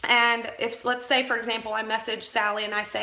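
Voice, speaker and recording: Speaking into a phone camera in an echoey room, a woman leading a direct sales team runs a live-stream coaching session, chatty and emphatic, frequently fixing herself mid-sentence. Her voice is on the high side and sharp, with a flat, brisk delivery.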